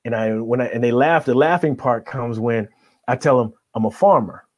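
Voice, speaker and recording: A man's voice: mid-range voice, moderate pace, dry recording. Middle-aged male life coach, motivational, keeps asking "right?", dry close sound. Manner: energetic, tags nearly every point with "right?". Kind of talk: motivational conversation.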